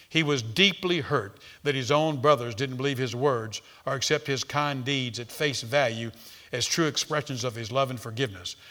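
A man preaching a sermon, swinging between loud emphasis and hushed tones, and repeating words as he speaks off the cuff. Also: mid-range voice.

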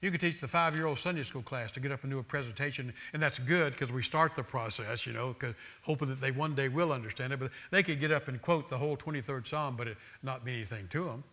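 A man's voice: mid-range voice, fast talker, hardly any pauses, bright, forceful tone. A man preaching a sermon, with an emphatic, repetitive cadence that builds through lists of phrases.

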